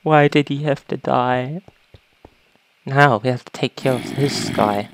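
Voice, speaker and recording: A woman casually commentating a video game, talking to creatures and breaking into panicked shouts. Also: extremely low pitch, unhurried, noisy background. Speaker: gaming YouTuber.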